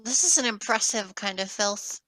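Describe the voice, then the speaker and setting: A woman's voice: medium pitch, normal speed, sharp tone. A woman guesting on a casual movie commentary, tossing out teasing quips.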